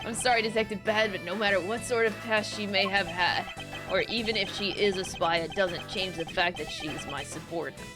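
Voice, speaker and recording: A woman reading the lines of a composed, cutting male prosecutor in a measured, lecturing way, with game music behind. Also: mid-range voice, natural voice. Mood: stern.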